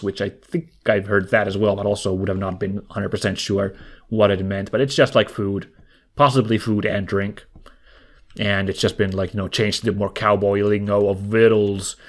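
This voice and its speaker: A man's voice: lowish voice, fairly even intonation, moderate pace. Chatty man commenting on a game. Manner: reads game lines aloud, chuckles, chatty asides. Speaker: let's play commentator.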